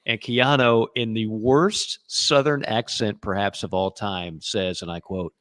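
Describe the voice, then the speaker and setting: A man's voice: on the low side, fairly even intonation, a little slow, hardly any pauses, a bit bright, dry recording. A man co-hosting a casual sports podcast, telling movie stories with dry wisecracks. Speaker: podcast co-host.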